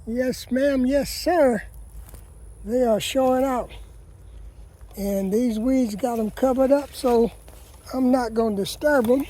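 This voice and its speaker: Folksy husky man in a garden. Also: very high voice, slow, pauses often, mellow. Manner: folksy, chatty, keeps addressing viewers as "people". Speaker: gardening vlogger. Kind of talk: casual garden walkabout vlog. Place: outdoor vegetable garden.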